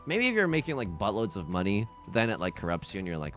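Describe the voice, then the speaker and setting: A man streaming a mahjong game, chatting in a rambling, excitable way and shouting when the game turns. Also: lowish voice, fast, hardly any pauses, faint music behind. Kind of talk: livestream commentary over a mahjong game.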